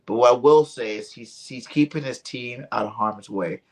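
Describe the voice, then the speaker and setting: A man's voice: mid-range voice, moderate pace. A man co-hosting a sports podcast in casual chat, talking animatedly and acting out what others said. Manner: animated, acts out quotes in voices. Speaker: podcast co-host.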